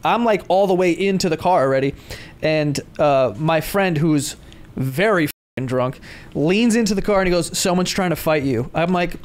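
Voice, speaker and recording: A man with a fairly high voice co-hosts a podcast. He rambles through a story, swearing and laughing as he goes. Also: normal speed. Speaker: podcast co-host. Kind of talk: casual chat.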